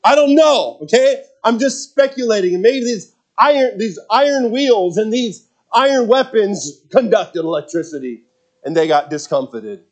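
A man's voice: sits high, lively intonation, normal speed. A man preaching a sermon in a conversational way, restarting phrases and asking the congregation rhetorical questions. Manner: speculative, thinking aloud. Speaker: pastor.

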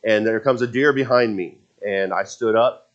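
A man in his forties tells a personal story in a casual, rambling way, with many restarts and fillers. His voice sits low. The recording is muffled and lo-fi. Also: moderate pace. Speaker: speaker telling a personal story. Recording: dull lo-fi sound.

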